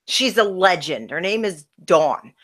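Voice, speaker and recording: A woman's voice: fairly low pitch, lively intonation, unhurried, fairly bright tone. A woman co-hosting a casual gossip chat, blunt and exasperated, swearing freely as she recaps a reality show. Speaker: podcast co-host, former wrestler.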